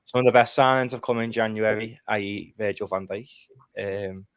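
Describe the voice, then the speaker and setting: A man's voice: fairly low pitch, steady tone, moderate pace, smooth, no echo. A man chatting casually as a football podcast panelist, laughing easily and hedging with fillers.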